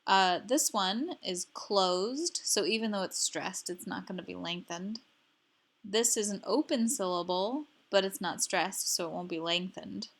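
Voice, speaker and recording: A woman teaching a language lesson, explaining syllables slowly and repeating each example word carefully for learners. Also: mid-range voice. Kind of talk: slow instructional explanation.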